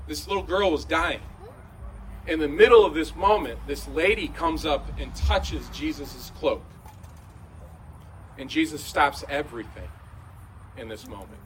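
A man preaching a conversational sermon in a large room, going from hushed to shouting. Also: on the high side, far from the mic, slight background noise, rough recording. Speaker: pastor.

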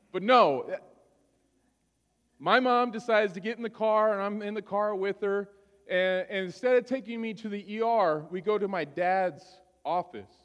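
A man's voice: sits high, a bit bright, in a large hall. A male pastor telling a personal story during a sermon, conversational and often checking in with his listeners.

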